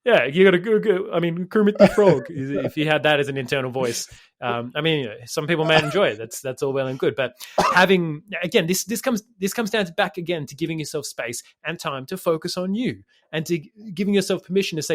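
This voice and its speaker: A man co-hosting a podcast as a fitness coach, rambling quickly and swearing casually. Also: on the high side, dry recording, clean studio sound. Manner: fast, rambling, swears casually, says mate.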